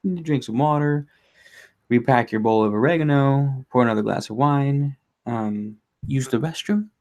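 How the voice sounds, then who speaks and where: A man's voice: medium pitch, normal speed, darkish tone, dull audio. A young man hosting a candlelit reading at home, chatting casually and rambling through an intermission, swearing freely. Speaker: reader and host. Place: home with candles and a resin burner.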